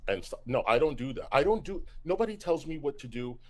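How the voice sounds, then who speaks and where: A man's voice: mid-range voice, big pitch swings, fast talker. Man in a replayed video clip, defiant and repetitive, ordinary mid voice. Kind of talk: clip of a defensive YouTube rant.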